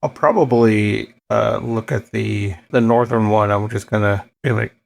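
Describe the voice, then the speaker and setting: A man's voice: lowish voice, steady tone, a little slow, creaky. A man playing a tabletop game, talking casually and hesitantly. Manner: hesitant, hedging with you know. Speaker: player.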